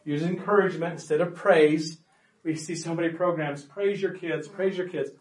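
A man with a somewhat high voice gives a workshop talk to parents, conversational and emphatic, often pausing to check that the room follows him. He is caught from a distance, and the room adds a noticeable echo around his voice. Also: fairly even intonation.

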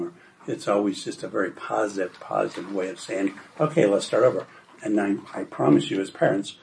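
An older man with a low, gravelly voice gives an earnest, encouraging talk at a parenting workshop. He repeats words to drive his points home, and a faint background noise sits under the recording. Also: darkish tone, low-quality recording.

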